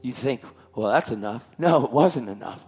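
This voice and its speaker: A man's voice: medium pitch, animated, normal speed, darkish tone, faint music behind. A man telling his personal testimony in an emphatic way, repeating his phrases for weight. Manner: emphatic, repetitive storytelling. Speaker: testimony speaker.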